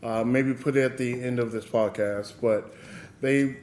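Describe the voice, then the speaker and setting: A man's voice: medium pitch, steady tone, unhurried, a little mellow, echoey room, slight background noise. A man co-hosting a podcast in casual chat, loose and full of fillers. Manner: loose, laughing, filler-heavy. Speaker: podcast co-host.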